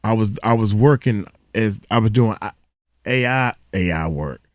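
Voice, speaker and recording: A man's voice: on the low side, normal speed, no room sound, clean studio sound. A man hosting a video in which he reacts to another clip, giving casual, colloquial commentary that often turns into a lecture. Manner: animated, preachy, colloquial.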